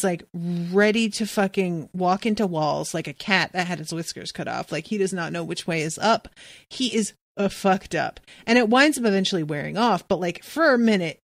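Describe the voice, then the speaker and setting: A woman hosting a podcast talks through a fantasy novel chapter by chapter, swearing freely and jumping into quick voices for the characters. Her pitch sits mid-range and the recording is dry and close, with no room sound. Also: no room sound. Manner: animated, profane, jumps into quoted voices. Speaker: podcast host. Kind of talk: casual book recap with readings.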